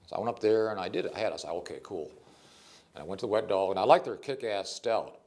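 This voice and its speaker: Older man, interview guest, casual storytelling, lively swooping pitch, frequent restarts. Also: very fast, creaky.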